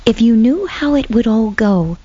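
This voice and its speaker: A woman voicing a gentle, wise male dolphin who guides and reassures, speaking slowly and calmly. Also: a little high, highs cut off. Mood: calm reassuring. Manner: slow, calm, reassuring.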